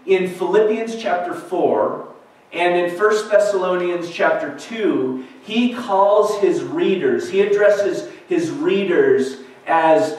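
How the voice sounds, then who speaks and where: Man, pastor, sermon, slow, earnest, far from the mic. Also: sits high, animated, a little mellow. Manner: earnest, questioning preaching with read-out scripture. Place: church sanctuary. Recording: echoey church recording from far off.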